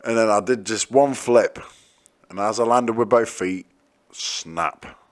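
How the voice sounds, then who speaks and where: A man co-hosting a podcast, chatting and telling stories in an animated way, laughing and swearing freely. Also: lowish voice, slow pace. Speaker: podcast co-host. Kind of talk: casual banter and storytelling.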